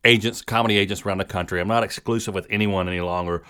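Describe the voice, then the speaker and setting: A man's voice: lowish voice, steady tone, very fast, pushed and bright, clear, resonant tone. A middle-aged man, a comedian, hosting his show in a rambling, chatty monologue full of fillers. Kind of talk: casual monologue.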